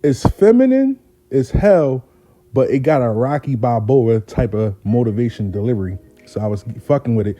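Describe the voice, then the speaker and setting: Man, dark mellow voice, profane comic storyteller, faint music behind. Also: mid-range voice, brisk. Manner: profane, animated, laid-back. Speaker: storyteller host. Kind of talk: comic personal anecdote.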